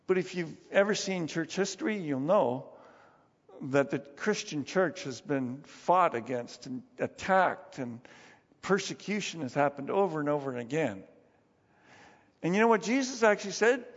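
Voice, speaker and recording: A man's voice: a little high, lively intonation, normal speed. A man preaching a conversational sermon as pastor, telling stories with chuckles and restarts. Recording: long reverb, dull lo-fi sound.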